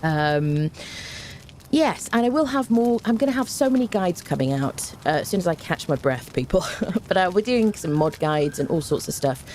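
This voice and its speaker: A woman's voice: low voice, mellow, slight background noise. A young woman streaming a game, chatting casually with viewers, greeting them by name with plenty of fillers. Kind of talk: casual live-stream chat.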